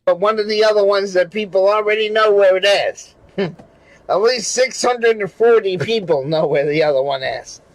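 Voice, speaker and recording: A man's voice: high-pitched, normal speed, no room sound, rough recording. A man chatting casually on a livestream, swearing, laughing and circling back to the same point again and again. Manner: rambling, repeats his point over and over; profane, laughs between phrases. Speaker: regular show panelist.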